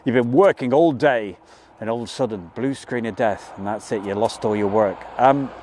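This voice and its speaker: A man's voice: medium pitch, moderate pace, slight background noise. A man, chatting casually as he hosts a live stream outdoors and greets viewers by name. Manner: chatty, reads out viewer names and greets them warmly. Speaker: livestream host. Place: outdoors by an airport.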